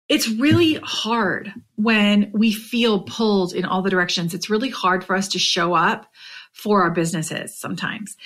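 A woman hosting a podcast, talking without a script in an earnest, heartfelt way; she is tired and emotional, and often drops to a soft near-whisper. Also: medium pitch. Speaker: podcast host and direct sales coach. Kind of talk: unscripted motivational podcast monologue.

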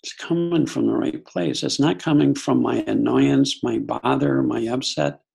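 A middle-aged man recounts a personal story to an interviewer, earnest and reflective. His voice is deeply gravelly and husky, and he often stumbles and restarts mid-sentence. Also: unhurried, darkish tone. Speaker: guest. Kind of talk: conversational storytelling.

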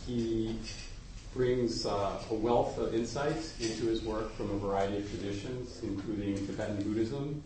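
A man hosting a meeting, introducing the guest speaker with hesitant pauses and a dry joke. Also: fairly low pitch, darkish tone, distant mic, a little hiss or hum. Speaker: meeting host. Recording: echoey room, off mic.

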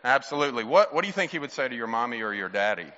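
Rapid-fire and expressive, a man pastor fires playful questions at the children during a children's sermon, his mid-range voice bright and forceful. It was recorded in a church sanctuary, sounding muffled with a long reverberant tail.

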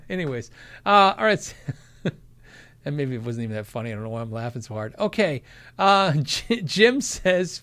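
Animated, lively-pitched man chatting casually. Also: normal speed. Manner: animated, laughs often, acts out quotes. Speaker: livestream host answering viewer questions. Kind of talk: casual live chat.

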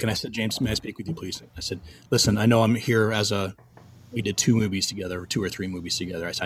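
A man's voice: fairly low pitch, slight background noise. A middle-aged man from Canada, a film composer, telling stories from his career in a casual interview and acting out the lines of the people in them. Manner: animated, acts out quoted dialogue.

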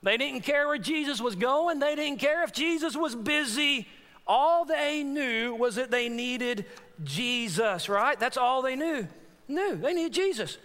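A man's voice: very high voice, unhurried, sharp tone. A man preaching a sermon, telling a personal story and addressing his congregation, repeating phrases for emphasis. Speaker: pastor. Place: church sanctuary. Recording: long hall reverb in church.

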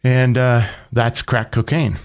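A man's voice: medium pitch, level tone, slow. A middle-aged man telling his personal testimony as an interview guest, in a plain, conversational storytelling way.

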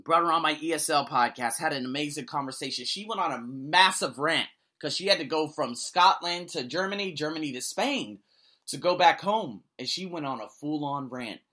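A man who hosts an ESL podcast, ranting to camera with blunt profanity. He swings between loud outbursts and low muttering. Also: animated, normal speed. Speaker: vlogger and ESL podcast host. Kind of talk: angry opinion rant to camera.

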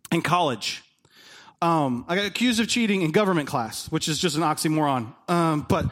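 A man in his thirties preaching a sermon, telling personal stories and acting out the dialogue in them. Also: extremely high pitch. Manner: animated storytelling, acts out dialogue. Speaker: pastor.

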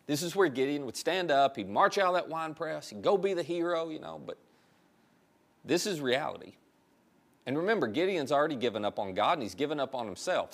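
Animated man preaching a conversational sermon. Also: medium pitch. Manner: conversational, animated storytelling with direct questions to listeners. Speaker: pastor.

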